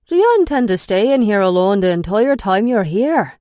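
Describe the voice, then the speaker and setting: A woman's voice: on the high side, sing-song, moderate pace, a little mellow, no echo, voice pushed up. A woman voicing a bossy, hot-tempered supernatural young man who scolds and commands. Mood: angry.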